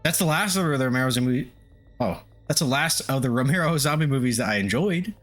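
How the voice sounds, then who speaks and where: A man's voice: mid-range voice, lively intonation, brisk, fairly bright tone. A man chatting casually on a live stream, loose and profane, often chuckling as he sets up a game at home. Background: faint lo-fi music.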